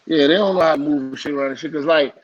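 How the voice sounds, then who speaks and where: A man's voice: on the high side, very fast, muffled recording. A man in casual live-stream chat, talking heatedly and profanely with many fillers.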